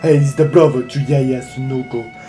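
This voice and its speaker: A man doing a mock French accent as an aging football manager stepping down, speaking haltingly with many fillers. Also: medium pitch, fairly even intonation, dark tone, faint music behind, voice pushed down, close to an everyday voice. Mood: warm. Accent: French, put on.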